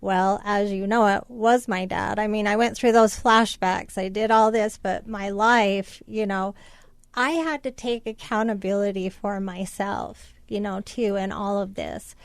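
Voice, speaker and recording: Halting, tearful middle-aged woman. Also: medium pitch, steady tone, creaky, clear, resonant tone, dry recording. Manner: tearful, halting, many fillers. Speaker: guest. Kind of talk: emotional personal story.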